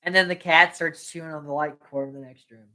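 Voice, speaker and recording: Bright-voiced podcast co-host, casual. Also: mid-range voice, steady tone, fairly quick. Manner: retells scenes, quoting characters in put-on voices. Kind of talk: casual movie recap chat.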